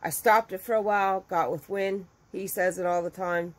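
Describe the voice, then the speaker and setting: A middle-aged woman, a crochet business owner, telling a story to her viewers in a chatty, animated way and acting out the quotes. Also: mid-range voice, moderate pace, rough recording.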